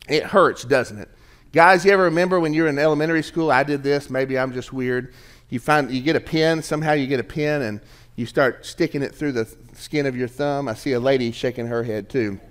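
A man's voice: a little high, a bit bright. A middle-aged man preaching a conversational sermon to a congregation in church, joking with the listeners. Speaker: pastor. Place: church sanctuary.

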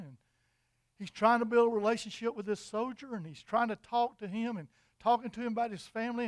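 A man preaching a sermon, telling an imagined story in an animated, repetitive way. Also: sits high, no room sound.

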